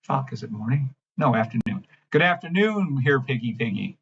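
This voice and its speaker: A man hosting a trading livestream, ranting in a brash, mocking, profane way and swinging between loud outbursts and low mumbling. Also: lively intonation, moderate pace, gravelly, dull audio, slight background noise. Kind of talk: live-stream rant and chart reading.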